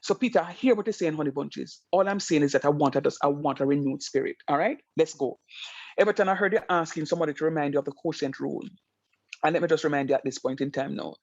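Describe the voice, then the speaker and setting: A man teaches math online, shifting from emphatic stories into steady explanation. His voice sits a bit high. The call audio is dry and dull, with a lo-fi edge. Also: quick pace, vocal fry, no room sound. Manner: animated storytelling, emphatic.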